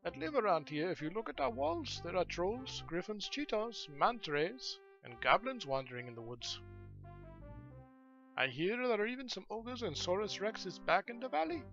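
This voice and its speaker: A man voicing an old, friendly, hard-of-hearing male guildmaster in a video game, with a wobbly put-on foreign accent and slow, drawn-out speech. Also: high-pitched, sing-song, vocal fry, a bit bright, dull audio, soft background music, voice pushed up, heavily acted. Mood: rambling.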